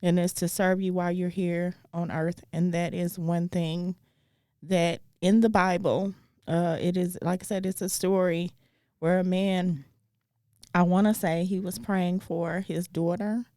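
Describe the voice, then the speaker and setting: A woman's voice: on the low side, little pitch movement, a little slow, warm tone, dry recording, clean studio sound. A woman co-hosting a casual chat, talking through faith in an earnest, thoughtful way. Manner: earnest, thoughtful, gets briefly emotional. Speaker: comedian and co-host.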